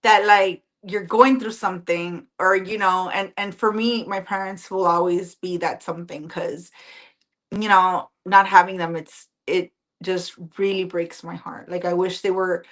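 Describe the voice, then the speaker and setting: A woman guest, singer and police officer, chatting casually, animated and full of fillers. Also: fairly low pitch, unhurried. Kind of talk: casual interview chat.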